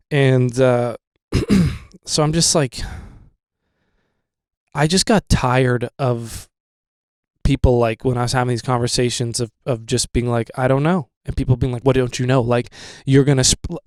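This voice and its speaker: A man's voice: mid-range voice, fairly even intonation, normal speed, darkish tone, no room sound. A young man hosting a podcast, rambling casually with lots of fillers and swearing. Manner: rambling, profane, with many fillers. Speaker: podcast host.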